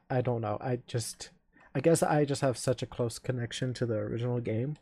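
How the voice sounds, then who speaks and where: A man's voice: mid-range voice, a little mellow. A man hosting a solo gaming podcast, rambling casually and giving strong opinions with plenty of enthusiasm. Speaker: podcast host.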